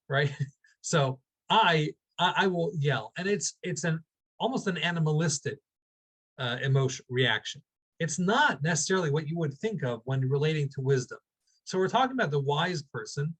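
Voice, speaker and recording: Male rabbi with a slightly high voice, leading an informal class over video call; conversational and searching, often restarting his sentences. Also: fairly bright tone, husky, rough recording. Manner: thinks aloud with many restarts and fillers; spells out Hebrew words slowly. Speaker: rabbi teaching a weekly class.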